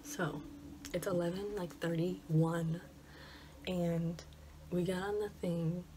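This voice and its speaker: A woman's voice: fairly low pitch, takes it slowly. A young woman with a Michigan accent, talking anxiously and often dropping to a whisper as she chats casually in her bedroom. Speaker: college student vlogger. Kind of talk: casual vlog chat. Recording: steady background noise, lawnmower outside.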